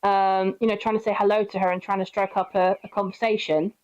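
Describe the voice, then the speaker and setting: A young woman rambles through a personal story at an ordinary pitch, full of fillers and little acted quotes. The recording is dull and lo-fi. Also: flat delivery, fast, a little mellow. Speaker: vlogger. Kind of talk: casual storytime monologue.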